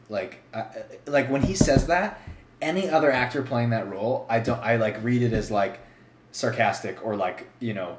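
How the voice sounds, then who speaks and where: A man's voice: mid-range voice, moderate pace, very noisy. A man co-hosting a casual podcast, rambling enthusiastically with many restarts. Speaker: podcast co-host. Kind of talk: casual chat. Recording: echoey room with faint ambience.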